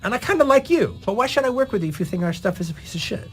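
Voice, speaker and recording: A man's voice: very high-pitched, sing-song, rapid-fire, faint music behind, voice pushed up, heavily acted. A man acting out a blunt middle-aged male film director in a retold story, frank and scolding. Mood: frank, challenging. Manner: frank, scolding then warming.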